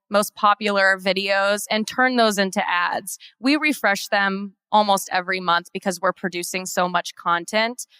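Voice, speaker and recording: A woman's voice: medium pitch, pushed and bright, clean tone, no room sound. A woman heading marketing for a law firm, giving an organized, businesslike conference presentation.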